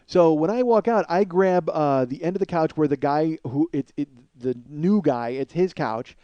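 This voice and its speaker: Profane, animated male comic storyteller. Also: a little high, moderate pace, no echo, highs cut off. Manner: profane, animated storyteller addressing listeners as folks. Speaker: podcast host. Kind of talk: comedic storytelling monologue.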